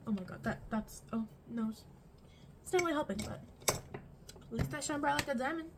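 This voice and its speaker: Teenage girl, high voice, chatty get-ready-with-me vlog, rambling storytelling, bedroom phone mic, faint room hum. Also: a little slow, pauses often, low-quality recording. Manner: rambling, animated storytelling with frequent fillers. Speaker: vlogger.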